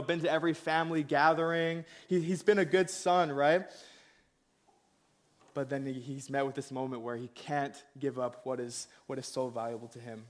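A young man preaching in a casual storytelling way, laughing at himself and acting out the people in his story. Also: a little high. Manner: laughing, self-mocking, acts out quoted voices. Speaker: pastor.

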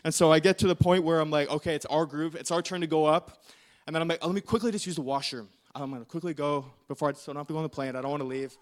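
A man's voice: on the high side, steady tone, very fast. A young male pastor preaching a sermon, telling a story in a casual, rambling way full of fillers.

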